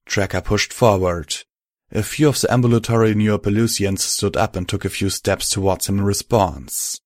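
A man narrating a fiction audiobook in a measured storytelling voice. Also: low-pitched, steady tone, no room sound, clean studio sound.

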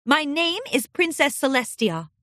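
A woman voicing a gentle, regal female pony princess who teaches a class, speaking in a sunny, warmly formal way. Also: sits high, very animated, unhurried, no room sound, studio quality, voice pushed up, full character voice. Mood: cheerful.

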